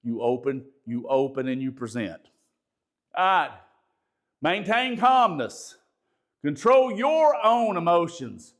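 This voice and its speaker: Middle-aged male bishop leading a class, naturally loud and emphatic, pitched high for a man. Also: big pitch swings, takes it slowly, long pauses. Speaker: bishop teaching a ministry training session. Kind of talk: spoken teaching lecture.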